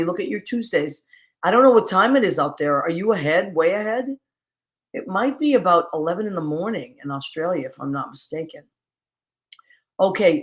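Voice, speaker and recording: A woman hosting a live-streamed talk show, chatting casually, warmly greeting viewers by name with endearments and rambling with many fillers and restarts. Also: on the low side. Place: home, streaming live in New York.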